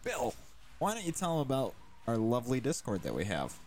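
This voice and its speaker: A man's voice: medium pitch, huge pitch swings, fairly quick, a little mellow, a little hiss or hum. A man co-hosting a casual podcast, easygoing and steering the conversation. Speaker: podcast co-host.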